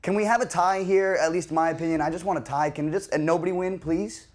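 A male producer running a picks segment on sports radio, his voice sitting a little high. He talks in a rambling, self-deprecating way. The tone is casual on-air chat. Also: fast. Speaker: show producer.

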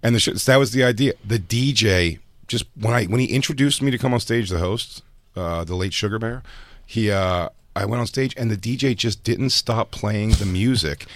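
Low-voiced man telling rambling stories. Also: moderate pace, a bit bright, no room sound. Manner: rambling, profane, trails off and restarts. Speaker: podcast host. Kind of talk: casual storytelling chat.

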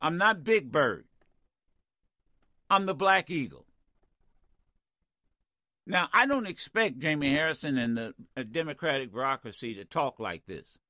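A man's voice: a little high, lively intonation, measured pace, long pauses, sharp tone, no room sound, clean studio sound. A man hosting a call-in talk radio show, talking in a combative, emphatic way and often repeating himself.

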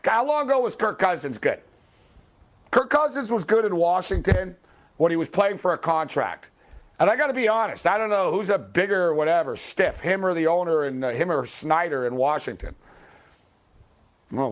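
Brief: male sports radio host, fired-up rant, voice a bit high, swearing and heckling, late-night call-in style. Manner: angry, swearing, heckling athletes by name; bursts of loud high-pitched exclamation.

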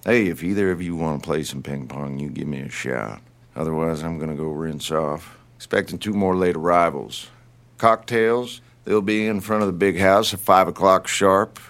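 An actor playing a friendly lake house host, easygoing and hospitable. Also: male voice, low voice, normal speed, a bit bright. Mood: welcoming.

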